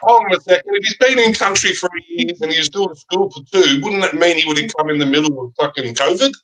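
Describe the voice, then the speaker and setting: High-pitched, blunt, swearing man. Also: fast, sharp tone, rough recording.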